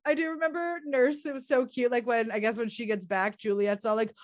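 A woman's voice: fairly high pitch, fairly even intonation, brisk, hardly any pauses, dry recording, studio quality. A woman co-hosting a podcast in casual chat, chatty and enthusiastic, laughing easily. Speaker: podcast co-host.

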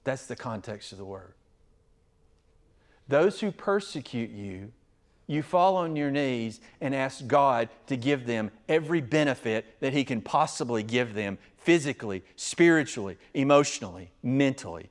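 Slow, earnest preacher man. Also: mid-range voice, animated. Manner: earnest, emphatic, swings between loud stresses and quiet asides. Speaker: pastor. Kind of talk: expository sermon.

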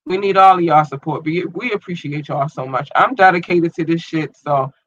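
A man hosting a podcast and online radio show, rambling casually and slangily through listener shout-outs while his eye is irritated and tearing up. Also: fairly high pitch, normal speed, dull audio, noisy background. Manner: loose, rambling, slangy, repeats himself.

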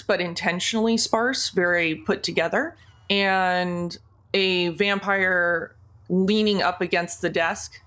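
Woman narrating a tabletop game, lower voice. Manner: descriptive, relaxed, chatty. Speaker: game master.

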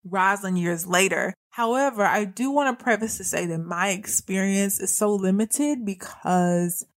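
A woman's voice: medium pitch, moderate pace. Earnest young woman podcast host. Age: young adult. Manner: earnest, conversational, addresses listener as sis. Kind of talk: faith-based podcast talk.

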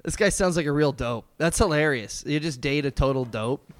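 A man's voice: fairly high pitch, normal speed, heavy background noise. A man chatting as a podcast guest, laughing and teasing. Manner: laughing, mocking. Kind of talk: casual chat.

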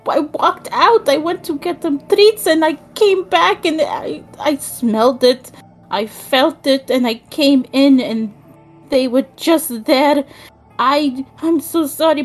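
A woman's voice: high-pitched, unhurried, faint music behind. Lady voicing a young cat-folk woman, tearful, begging over and over, tabletop game. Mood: desperate. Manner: pleading, repeating herself breathlessly. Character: young female cat-folk, frightened and pleading.

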